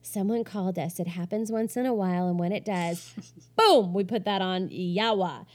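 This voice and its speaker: A woman's voice: on the low side, steady tone, normal speed, darkish tone. A woman co-hosting a podcast, chatting casually and reading listener reviews aloud in a bubbly, giggly way with many fillers. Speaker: podcast co-host.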